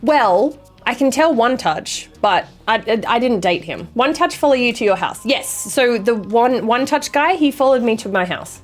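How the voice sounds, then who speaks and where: Young woman streamer, chatty and swears a lot, voice sits fairly high, soft music underneath. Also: animated. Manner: chatty, swears freely, quick apologies. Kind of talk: casual chat reading viewer messages.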